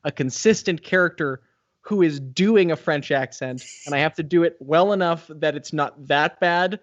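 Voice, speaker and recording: Halting man actor, dull call audio. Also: fairly high pitch. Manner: halting, self-deprecating, many restarts. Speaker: stage and voice actor. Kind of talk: casual chat over video call. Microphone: video call.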